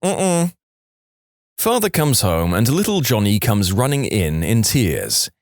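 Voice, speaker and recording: A man's voice: lowish voice, a little slow, dry recording, clean studio sound. A man reading a string of jokes aloud as a storyteller, voicing the characters as he goes. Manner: lively, voices the characters. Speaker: joke storyteller.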